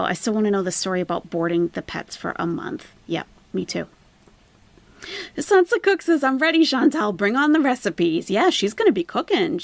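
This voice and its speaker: A woman's voice: mid-range voice, vocal fry, no room sound. A woman hosting a commentary channel, reading viewer comments aloud and answering them with sarcastic, casual remarks.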